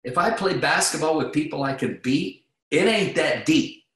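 Man telling animated anecdotes in an echoey room. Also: a little high, normal speed. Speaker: vocal coach guest. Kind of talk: casual podcast storytelling.

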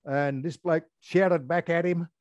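An older Australian man, a former air force firefighter, telling a story in an interview, halting with many ums and restarts. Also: fairly high pitch, fairly even intonation, darkish tone, no room sound, muffled recording.

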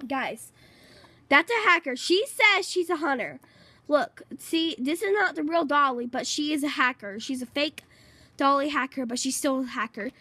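A woman giving casual gameplay commentary, excitable and rambling, repeating herself a lot. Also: high voice, measured pace, dry recording. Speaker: gaming channel host.

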